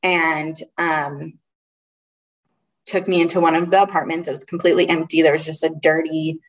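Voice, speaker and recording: Low-voiced woman, halting and earnest. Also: little pitch movement. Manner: earnest, halting, with frequent restarts. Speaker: interview guest. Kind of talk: personal storytelling in an interview. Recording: voice a little far from the mic.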